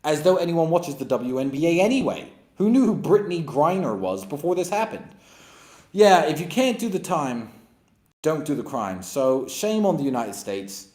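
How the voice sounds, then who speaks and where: A man's voice: on the high side, very animated, moderate pace, darkish tone. A man hosting an opinionated monologue and Q&A, blunt and sarcastic, with emphatic delivery. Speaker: host. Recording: roomy echo.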